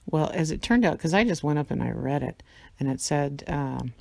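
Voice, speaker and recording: A woman's voice: low voice, expressive, moderate pace, vocal fry, a little mellow, no room sound. Profane, rambling woman telling a story. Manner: profane, rambling, laughs often. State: tired. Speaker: vlogger. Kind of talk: casual storytelling monologue.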